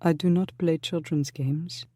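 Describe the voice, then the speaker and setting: A narrator voicing a bold young noblewoman who speaks softly and throatily, in a dry recording. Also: fairly low pitch, moderate pace, dry recording, pitched above the performer's own voice, close to an everyday voice. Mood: pleading. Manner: soft, throaty, urgent.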